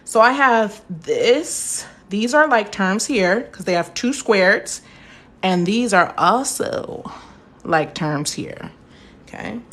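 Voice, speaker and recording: A woman's voice: mid-range voice, lively intonation, takes it slowly, fairly bright tone. A young woman teaching a live math lesson, chatty and encouraging, stopping to answer viewer comments.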